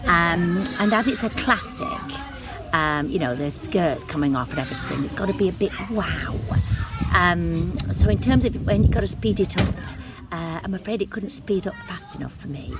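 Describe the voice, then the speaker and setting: A woman's voice: lowish voice, moderate pace, loud music behind the voice. A woman judging a talent show act, giving hesitant, apologetic verdicts full of ums. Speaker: judge. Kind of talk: casual judging remarks.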